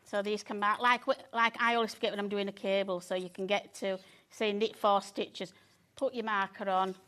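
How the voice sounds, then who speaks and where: A woman's voice: medium pitch, fairly even intonation, moderate pace, a bit bright. A middle-aged Yorkshire woman chats her way through a live TV shopping slot. She talks in a homely, anecdotal way, drifting into little stories between products. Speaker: shopping channel presenter. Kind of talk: live sales chat.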